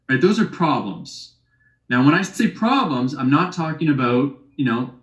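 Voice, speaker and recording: A man teaches a relationship workshop in a casual, conversational way, often teasing his listeners with rhetorical questions. His voice sits at a medium pitch. The room around him is noticeably echoey. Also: highs cut off.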